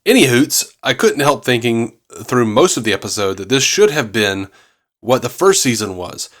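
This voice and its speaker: A man's voice: medium pitch, sing-song, moderate pace, fairly bright tone. Jokey man reading listener emails. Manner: jokey, laughing, plays up silly voices. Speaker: podcast co-host.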